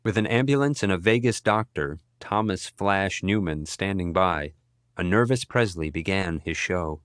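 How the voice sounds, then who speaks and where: A man narrating an audiobook in an even, measured reading style. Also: deep voice, clean tone, no echo, studio quality. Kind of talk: scripted narration.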